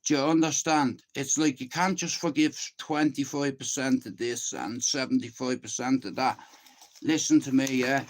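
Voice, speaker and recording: A man's voice: medium pitch, normal speed. An Irish man around fifty, a channel host, talks in a casual, emphatic monologue, swearing freely and often checking that the listener understands.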